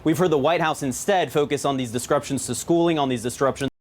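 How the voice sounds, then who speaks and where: A male news correspondent delivers a brisk report at a quick clip. His voice is mid-pitched, with faint ambience beneath it. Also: slight background noise.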